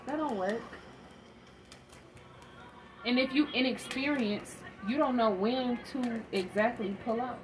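A woman's voice: a little high, slow pace, pauses often. A woman telling a candid story in a blunt, emphatic monologue about parenting. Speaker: parenting vlogger. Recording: steady audible background noise.

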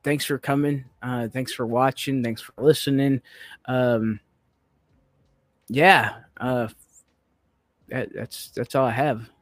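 Podcast co-host, male, unhurried and giggly, dry close mic. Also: mid-range voice, steady tone, no room sound. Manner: giggly, loose and rambling. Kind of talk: casual chat.

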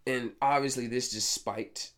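A man's voice: mid-range voice, fairly even intonation, measured pace, a bit bright. A man hosting a podcast, explaining history in a loose, casual way with sarcastic asides and frequent self-corrections. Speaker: podcast host. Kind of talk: casual educational podcast talk.

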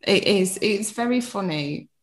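A woman's voice: medium pitch, animated, unhurried. A woman from the UK in her thirties, chatting casually as a podcast guest, laughing often and swearing lightly. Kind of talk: casual chat.

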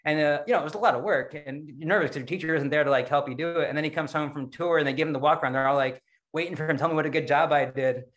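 A man with a fairly high voice gives a relaxed dharma talk as a Zen practice leader. He talks in a chatty, self-deprecating way and laughs often as he tells his story to an online group. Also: racing.

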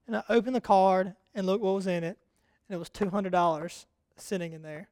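A man preaching a sermon, chatting casually with the congregation and building to loud, rousing repetition. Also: high-pitched, fairly even intonation, fairly quick, dry recording. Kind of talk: sermon with personal storytelling.

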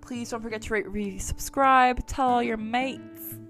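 A woman's voice: on the high side, fairly even intonation, normal speed, fairly bright tone, faint music behind. A woman hosting a true crime podcast, chatting casually with a rambling, sweary manner. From England. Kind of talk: casual chat.

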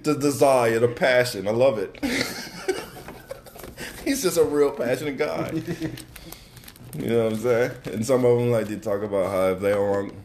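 A man telling stories in casual podcast chat, animated, slangy and profane. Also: mid-range voice, unhurried, pauses often. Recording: roomy with faint noise.

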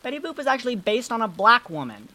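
A podcast co-host in casual chat, talking in an animated, rambling, playful way with casual swearing. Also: mid-range voice, fast talker, background noise.

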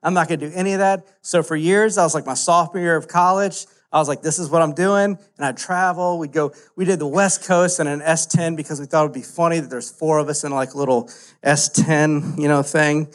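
A man, preaching a casual, animated story-driven sermon full of "like" fillers. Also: on the high side, a little fast. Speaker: pastor.

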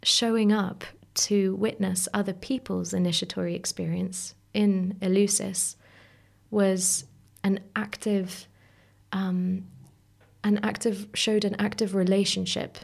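A woman's voice: medium pitch, little pitch movement, takes it slowly, gravelly. A woman guest in a reflective conversation, musing and searching for words, sometimes dropping to a whisper. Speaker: podcast guest.

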